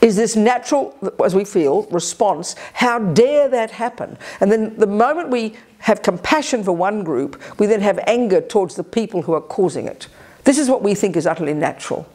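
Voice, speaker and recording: A woman teaching at a Buddhist retreat. She talks in a sharp, energetic, emphatic way and often breaks off to restart her sentences. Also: mid-range voice. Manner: quick restarts and self-corrections. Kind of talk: retreat dharma talk. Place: retreat center.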